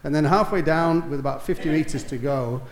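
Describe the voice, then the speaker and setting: A man's voice: on the high side, fairly quick. Preacher man in an echoey hall. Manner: storytelling, rising to emphatic peaks then dropping soft. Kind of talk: sermon.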